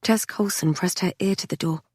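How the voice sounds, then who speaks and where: A woman giving steady, measured narration of a dark fantasy novel as an audiobook reader. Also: lowish voice, breathy edge, dry recording, studio quality.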